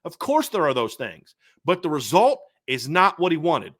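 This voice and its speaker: A man's voice: on the high side, sing-song, moderate pace, fairly bright tone. Fired-up man ranting about football. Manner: fired-up, emphatic, repetitive. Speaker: sports podcast host. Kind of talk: impassioned sports commentary rant.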